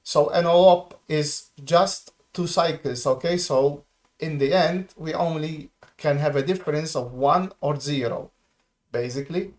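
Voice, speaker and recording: A man co-hosting a live coding stream, briskly summarizing and guiding the explanation. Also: on the high side, a little mellow. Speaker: co-host and translator.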